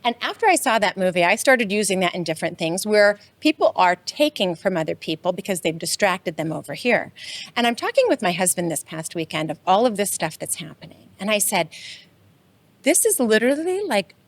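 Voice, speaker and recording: A woman's voice: mid-range voice, sing-song, a little fast. A woman co-hosting a podcast, talking with passion, swearing often and ending points with "right?". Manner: impassioned, swears often, frequent "right?" tags. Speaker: podcast co-host. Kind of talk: casual podcast chat.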